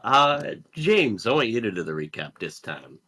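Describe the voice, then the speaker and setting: A man's voice: medium pitch, sing-song, moderate pace, bright, forceful tone. A young man hosting a tabletop game as game master, joking and cursing casually with his players. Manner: joking, profane banter.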